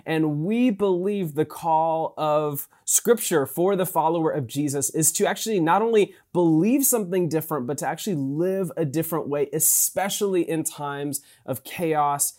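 A man preaches a sermon as a pastor. His delivery is relaxed and conversational, with ums and restarted phrases as he reads and explains scripture. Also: fairly high pitch, moderate pace, few pauses.

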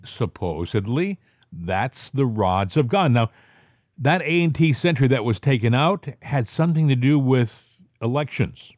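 Male host, mid-pitched, rambling delivery, dry close mic. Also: expressive, darkish tone, no echo. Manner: rambling, halting restarts. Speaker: podcast host. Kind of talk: casual political chat.

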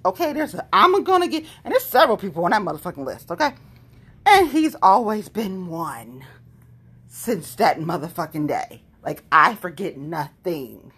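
A woman hosting a casual home podcast, with a husky voice. Her pitch swings widely as she talks. She is blunt and loosely rambling. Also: big pitch swings, normal speed, a bit bright. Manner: blunt and heavily profane. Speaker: podcast host. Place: at home, standing on a balance board.

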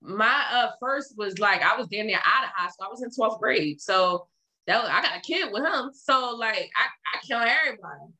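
A woman's voice: a little high, normal speed, low-quality recording. A young woman, chatting candidly and telling stories with lots of "like" fillers. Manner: candid, animated storytelling, frequent "like" fillers. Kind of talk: casual chat.

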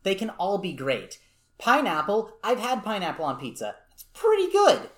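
A young man co-hosting a casual chat, making his case with deadpan reasoning. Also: sits high, normal speed. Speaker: podcast co-host. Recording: roomy echo.

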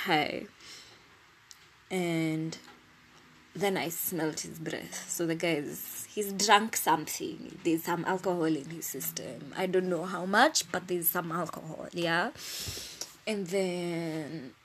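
Woman podcast host, slow and lowish voice, casual storyteller who cusses when annoyed. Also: slight background noise. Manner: animated, exasperated, swears freely.

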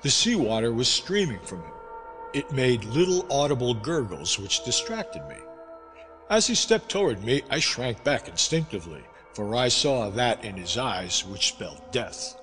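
A man narrating a classic sea novel aloud in an expressive storytelling manner. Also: mid-range voice, moderate pace. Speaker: audiobook narrator. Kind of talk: scripted narration. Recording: reverberant with music behind.

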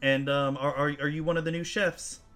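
A man's voice: fairly high pitch, fairly even intonation, fairly quick, fairly bright tone, soft background music, voice pushed up, lightly acted. A man voicing a friendly, eager young male human wizard working in a tavern kitchen in a tabletop game.

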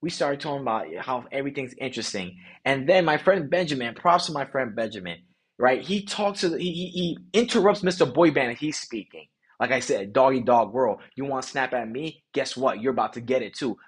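Male podcast host, husky voice, animated casual storyteller, slangy. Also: mid-range voice. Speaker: podcast host, dating coach.

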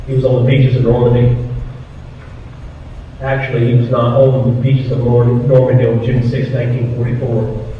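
A man's voice: medium pitch, completely flat delivery, normal speed, pauses often, slight background noise. A middle-aged man with a Southern American accent, telling stories to a live audience as a retired firefighter, earnest and acting out the voices he quotes. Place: firehouse hall. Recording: distant, echoey, dull hall recording.

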